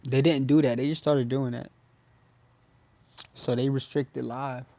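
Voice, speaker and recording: A man's voice: medium pitch, flat delivery, unhurried, mellow, dry recording. A young man hosting a casual phone livestream, talking loosely in slang and addressing his viewers again and again. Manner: loose slangy talk, addresses chat often. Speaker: livestream host.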